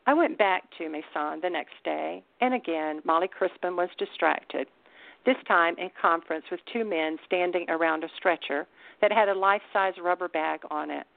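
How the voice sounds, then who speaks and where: A woman author reading her own first-person story in a wry, deadpan way. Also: fairly low pitch, gravelly, no room sound. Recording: dry, tinny phone line.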